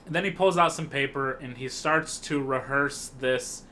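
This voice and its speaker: A man's voice: mid-range voice, moderate pace, slight background noise. A man co-hosting a podcast, casually recapping a film scene by scene in a rambling way with lots of fillers. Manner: rambling, relaxed, many fillers and restarts. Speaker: podcast co-host.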